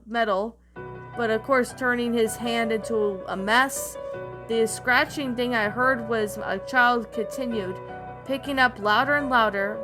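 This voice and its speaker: Over faint background music, a woman with a slightly high voice narrates a creepy story. Her reading is a bit halting, with some restarts.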